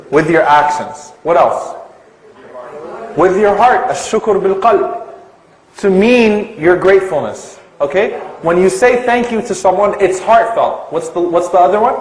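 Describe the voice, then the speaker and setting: A man's voice: high-pitched, roomy sound, low-quality recording. A man giving an Islamic lecture to a live audience, asking them questions and stretching out key terms for emphasis.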